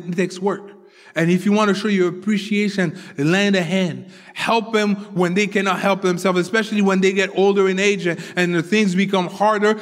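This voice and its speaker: A man's voice: high voice, a bit bright. A man preaching a sermon with earnest conviction, repeating his key phrases for emphasis. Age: adult father of four children. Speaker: pastor. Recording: long hall reverb.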